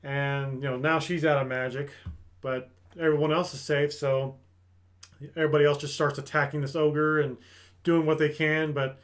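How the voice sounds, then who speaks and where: A man's voice: on the high side, moderate pace. Man recapping an anime episode. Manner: animated storytelling that acts out characters' lines. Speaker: anime review host.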